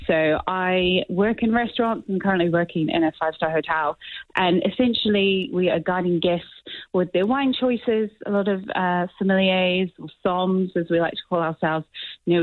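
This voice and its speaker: A woman from New Zealand with a New Zealand accent, in her thirties, talking as a guest on a phone interview, friendly and quick to laugh. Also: on the low side, dry recording. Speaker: sommelier guest. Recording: tinny phone line.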